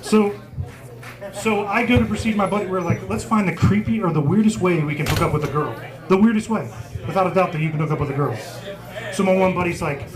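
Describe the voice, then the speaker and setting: A comedian in his forties tells a profane, self-mocking story on a small pub stage. His voice sits high for a man. A lively pub crowd is heard clearly around him. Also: quick pace. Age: 40s. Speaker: stand-up comedian. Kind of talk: stand-up comedy set. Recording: live pub crowd noise. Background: crowd laughing.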